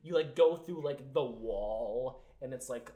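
A man's voice: medium pitch, measured pace. Rambling young man reviewing a movie. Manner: rambling, filler-heavy, trailing off quietly. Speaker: podcast co-host. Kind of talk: casual movie review chat.

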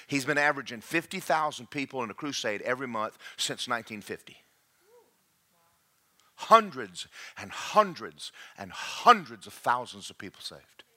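A man preaching a sermon to a congregation, joking and checking in with the room. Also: mid-range voice. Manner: animated, jokey, checks in with the congregation.

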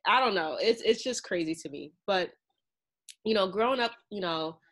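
A woman's voice: mid-range voice, lively intonation, normal speed, a bit bright. A woman hosting a podcast who asks long, searching interview questions full of fillers. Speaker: podcast host. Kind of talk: casual interview.

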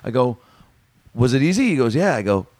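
A man's voice: mid-range voice, sing-song, fairly quick, darkish tone, no echo. A man on a comedy podcast, telling a rambling story and acting out the voices of the people in it. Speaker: comedian guest.

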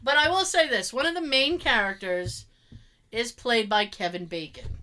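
A woman from the Boston area co-hosts a podcast in casual chat, her Boston-accented voice a little high, bright, and forceful at normal speed. As she tells a story she acts out quotes, frequently breaking into laughs.

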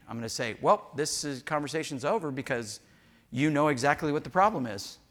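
A pastor man delivers a sermon in a church, his voice bright and lifted slightly above the usual male range. He talks candidly to his people and breaks into humorous asides, acting out little snatches of dialogue along the way. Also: on the high side, brisk. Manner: candid, joking asides with acted-out quotes.

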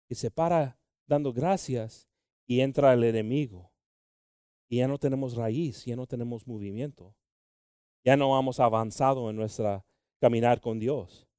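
A man preaching a sermon with passion, moving between loud exclamations and quiet, low asides. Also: clear, resonant tone, dry recording, studio quality.

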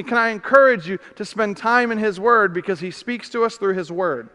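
A male pastor preaching a sermon, animated, swinging from loud emphasis to hushed questions. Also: sits high, brisk, hardly any pauses, clean tone. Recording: reverberant hall.

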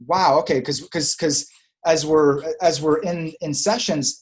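A man who is a spiritual coach, giving an earnest, reflective talk and searching for words, often repeating phrases. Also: fairly high pitch.

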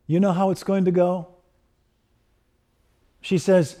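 A man's voice: on the high side, a little slow, pauses often, mellow. A male preacher giving an earnest sermon that builds into a fervent closing prayer.

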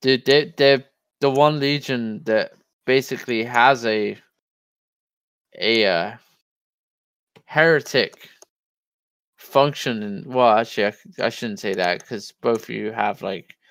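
A man with a New Jersey accent chats loosely on a podcast with a smooth, clean voice. The sound is dry and close, with no room around it. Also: mid-range voice, slow pace, long pauses, a bit bright, no echo. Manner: loose and casual, says "yo" and "like", restarts. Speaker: podcast co-host. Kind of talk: casual chat.

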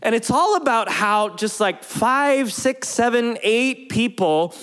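A man preaching, telling a personal story in a lively, animated way and acting out the quotes. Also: very high-pitched, takes it slowly, clear, resonant tone. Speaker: pastor. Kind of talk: storytelling sermon.

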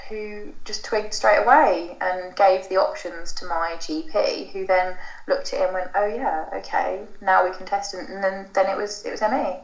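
In a casual podcast conversation, a thirty-something woman appearing as a guest rambles through a lengthy personal story, correcting herself and using fillers. She speaks at a normal speed with medium pitch, a steady tone and few pauses, in a roomy, dull, lo-fi recording.

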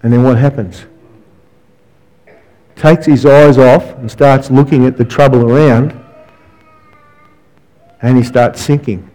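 A man's voice: medium pitch, fairly even intonation, slow, pauses often, dark tone, poor audio. A man preaching as a guest speaker and counsellor, telling stories with asides and rhetorical questions. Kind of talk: sermon.

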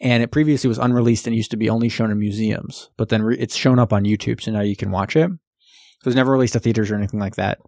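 A man talking in a relaxed, chatty way on a podcast, hedging with "like". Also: lowish voice, fast, gravelly, dry recording, clean studio sound. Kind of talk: casual chat.

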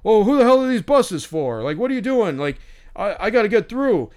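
A man putting on the voice of a cranky older man who shouts demands indignantly. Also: sits high, very animated, a little fast, voice pushed up. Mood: angry. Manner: loud, indignant yelling.

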